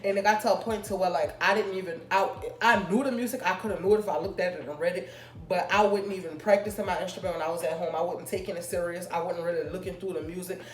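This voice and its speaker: A young woman vlogger with a lowish, steady voice tells a personal story. Her casual chat rambles along with drawn-out fillers, recorded in an echoey room with faint music behind her.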